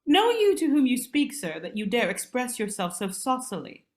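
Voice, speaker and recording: A woman's voice: a little high, sing-song, moderate pace. A woman playing a proud, sleepwalking Tudor queen in an amateur online stage play, speaking in a commanding, scornful way. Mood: haughty. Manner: commanding, scornful, archaic theatrical speech. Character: imperious sleepwalking Queen Elizabeth I, haughty and sharp-tongued.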